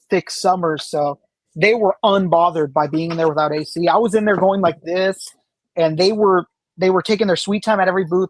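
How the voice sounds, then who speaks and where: A man's voice: high-pitched, dry recording. A man chatting as a podcast guest, rambling through stories with many fillers and restarts. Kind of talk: casual chat.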